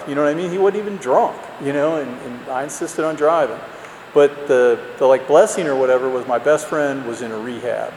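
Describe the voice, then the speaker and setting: A man's voice: medium pitch, brisk, darkish tone. A man telling a candid, self-mocking personal story to an audience, rambling with lots of fillers. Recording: roomy hall, faint background noise.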